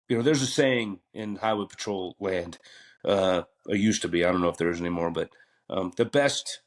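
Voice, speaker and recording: A talkative man in his fifties, a retired butcher telling long stories in a casual podcast interview, rambling with fillers and restarts. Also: on the low side. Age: 50s.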